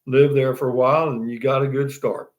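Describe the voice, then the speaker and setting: This older Texan host speaks briskly and flatly in a mid-range voice as he goes through viewer comments on a casual live stream. His talk is folksy and meandering, full of restarts and "you know what I mean."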